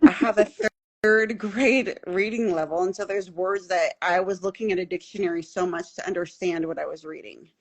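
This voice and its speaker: A middle-aged woman guest in a casual interview, telling her story in an animated, openly emotional way and acting out the voices she quotes. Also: lowish voice, moderate pace.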